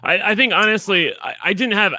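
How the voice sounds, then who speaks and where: Sarcastic, opinionated man, bright and sharp, dry close sound. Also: high voice, animated, brisk, no echo. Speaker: podcast guest commentator. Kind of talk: casual chat.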